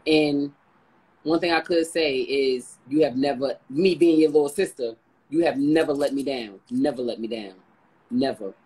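A woman hosting a casual chat, telling stories in an animated, slangy way. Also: a bass voice, moderate pace, slightly rough, low-quality recording.

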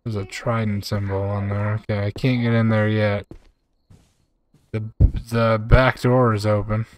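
A man's voice: fairly low pitch, level tone, a little slow, a little mellow. Laid-back young male streamer saying bro. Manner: laid-back, chatty, says "bro" a lot. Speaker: gaming streamer. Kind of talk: live gameplay commentary reading chat.

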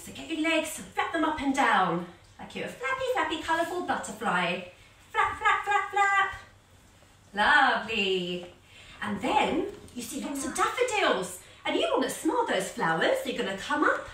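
A woman guides a children's yoga story in an animated, sing-song voice full of encouragement. Her voice is bright and clear. It rings in a very echoey room, picked up from some distance off the mic. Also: sits high. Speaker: kids yoga teacher.

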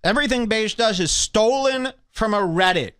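A man's voice: sits high, lively intonation, moderate pace, a bit bright, clean tone. A man hosting a podcast, ranting in a mocking, bombastic comedic way. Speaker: podcast host. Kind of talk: provocative comedic rant.

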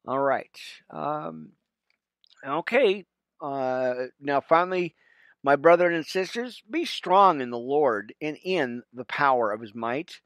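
Male podcast preacher, slightly high voice, heartfelt prayer and scripture reading, dry close mic. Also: slow pace, dry recording. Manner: emotional, animated, addresses listeners as friends. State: choked up. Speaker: podcast Bible study host. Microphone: wired mic with cable under shirt.

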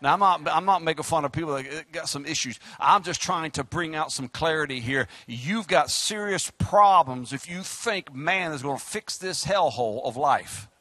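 A middle-aged man, preaching a fiery sermon as pastor, joking and then shouting his exhortations. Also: on the high side, normal speed, few pauses, dry recording.

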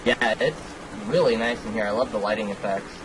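A man's voice: on the low side, a little fast. Easygoing man over a hissy recording. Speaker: guest player. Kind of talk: casual gameplay chat.

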